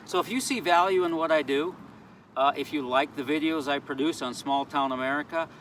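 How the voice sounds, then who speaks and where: A man's voice: on the high side, brisk, a bit bright, distant mic, a little hiss or hum. A man talking casually to camera in an outdoor town square, earnest and playfully pleading. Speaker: vlogger.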